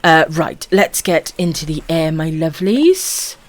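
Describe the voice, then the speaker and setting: A woman's voice: low-pitched, sing-song, measured pace. A Welsh woman chatting on a live stream, her voice bouncing all over the place as she reads comments. She calls everyone darling, swears freely and giggles between lines, speaking into a desk microphone. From Wales. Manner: affectionate, swears freely, laughs often. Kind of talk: casual live-stream chat reading comments.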